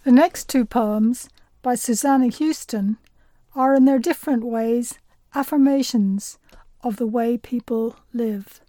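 Female presenter, mellow higher voice, dry close recording, scripted intros. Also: measured pace, no room sound. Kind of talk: scripted links between readings.

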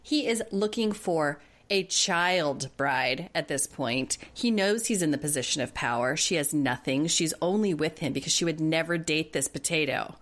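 Blunt, fired-up woman with a low voice. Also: lively intonation, moderate pace, hardly any pauses, fairly bright tone. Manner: indignant, blunt, swears freely. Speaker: podcast co-host. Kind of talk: casual reality-TV recap chat.

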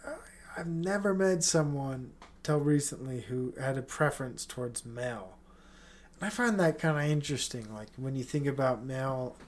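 Rambling, profane podcast host man. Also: mid-range voice. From Utah. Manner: rambling, profane, incredulous, many restarts. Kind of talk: casual solo rant.

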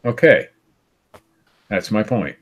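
A man's voice: on the low side, sing-song, slow pace. A man in his fifties co-hosting a podcast, bantering stubbornly and laughing often. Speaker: podcast co-host. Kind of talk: casual banter.

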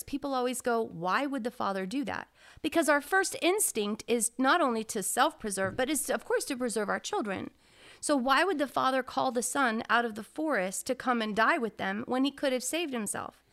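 A middle-aged woman co-hosting a casual faith podcast tells a story earnestly, restarting often as she goes. Her voice has a fairly high pitch and sounds a bit bright.

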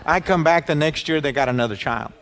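A man preaching a sermon, telling stories with lively quoted dialogue. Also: fairly high pitch, fairly quick, a faint crowd. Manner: animated storytelling, quoting people in dialogue. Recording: reverberant hall.

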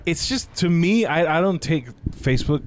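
A man hosting a podcast, tossing in jokes and quick comments during casual chat. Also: fairly high pitch, faint music behind. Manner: joking, lively interjections.

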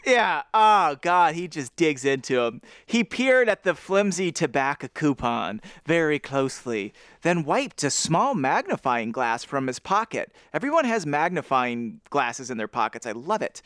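A man's voice: a little high, big pitch swings, measured pace, hardly any pauses, fairly bright tone, smooth, no echo, studio quality. A man co-hosting a podcast, chatting enthusiastically and reading from a book aloud. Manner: enthusiastic, giggly. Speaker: podcast co-host. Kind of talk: casual chat and book reading.

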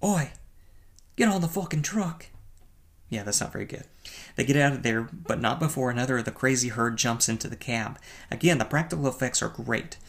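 Gravelly-voiced man reviewing a movie. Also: mid-range voice, quick pace, fairly bright tone. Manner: wry, playfully self-mocking, with chuckles and stumbles. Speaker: film reviewer. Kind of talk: casual movie review commentary.

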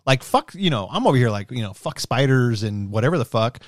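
A man's voice: medium pitch, lively intonation, brisk, no room sound, studio quality. A man chatting casually and telling a story, loose and profane, often laughing. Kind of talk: casual chat.

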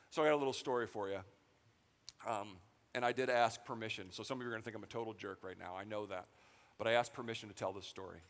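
A man preaching a sermon as pastor, animated and joking as he tells stories to the congregation. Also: medium pitch, big-room sound.

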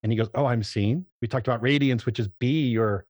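A man's voice: medium pitch, brisk, darkish tone, no room sound, dull audio. Rambling, dry-sounding male podcast guest. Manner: rambling, searching for words with many fillers; acts out voices in quoted examples. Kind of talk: casual conversation.

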